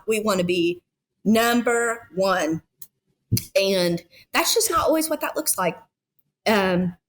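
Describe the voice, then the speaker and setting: This woman in her thirties is a guest on a heartfelt podcast, speaking as a foster parent. Her mid-range voice comes across earnest and emotional, and she uses a lot of filler words.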